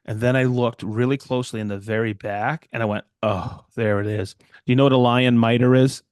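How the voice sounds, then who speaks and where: A man's voice: mid-range voice, brisk, clear, resonant tone, no room sound. Guy rambling through a story, does little voices for everyone, dead dry mic. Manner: rambling, animated, quotes people in voices. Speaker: podcast co-host and woodworker. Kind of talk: casual storytelling chat.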